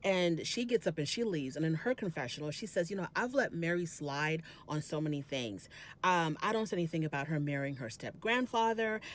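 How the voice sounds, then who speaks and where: A woman hosting a casual reality TV recap, retelling scenes and acting out the quotes in quick bursts. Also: low voice, expressive.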